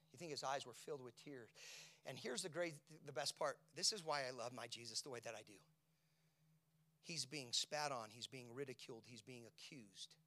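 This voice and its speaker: Preacher man swinging from whispers to shouts. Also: medium pitch. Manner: swings from hushed whispers to loud, shouted climaxes; asks the congregation rhetorical questions. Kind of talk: sermon.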